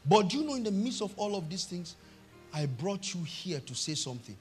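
A middle-aged Nigerian man preaching a sermon, telling a family story and swinging from hushed tones to shouts. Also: high-pitched, very animated, fairly quick, soft background music. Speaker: pastor.

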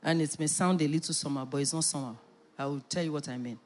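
A middle-aged woman pastor preaching a sermon, emphatic and animated, with playful asides. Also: deep voice, very fast.

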